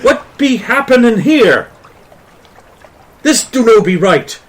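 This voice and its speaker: A man voicing a confused pirate parrot in a posh British accent, squawking in a high, shrill voice. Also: very animated, takes it slowly, exaggerated voice. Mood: baffled.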